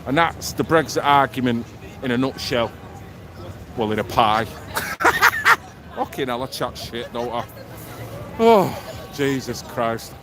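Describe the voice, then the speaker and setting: A man's voice: mid-range voice, lively intonation, a little slow, pauses often, a crowd in the background. A man from Manchester with a Mancunian accent, live-streaming outdoors on a city square, chatting bluntly and jokily with plenty of swearing. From Manchester, England. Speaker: livestream host. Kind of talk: casual street livestream chat. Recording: loud street noise behind.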